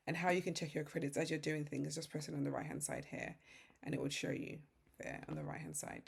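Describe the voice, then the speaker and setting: A British woman hosting a software tutorial, casually explaining each step as she works through it on screen. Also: deep voice, creaky, breathy edge. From Britain. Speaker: tutorial host.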